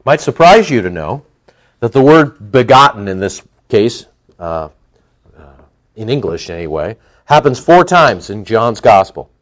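A man preaching a sermon as pastor, animated, with lively emphasis and asides to his listeners. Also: on the low side, measured pace.

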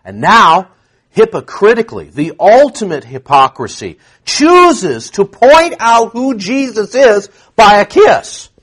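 A man preaching a sermon, shifting from hushed asides to loud, stressed peaks and repeating words for emphasis. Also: high-pitched, very animated, takes it slowly.

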